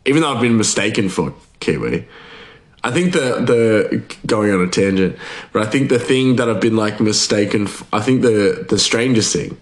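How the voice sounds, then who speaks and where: Man in his thirties, lower pitch, loose rambling podcast host who laughs through his stories. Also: animated, moderate pace. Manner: rambling, laughs often, many fillers and restarts. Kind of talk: casual rambling chat.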